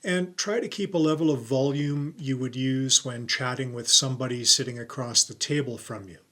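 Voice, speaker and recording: A middle-aged man presenting an on-camera tutorial as a YouTube coach, talking clearly and deliberately and stressing his keywords. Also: medium pitch, pushed and bright.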